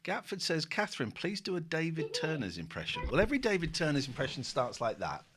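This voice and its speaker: A man's voice: on the high side, huge pitch swings, brisk, a crowd in the background. A man hosting a casual late-night stream, reading out viewer comments with wry asides. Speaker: stream host.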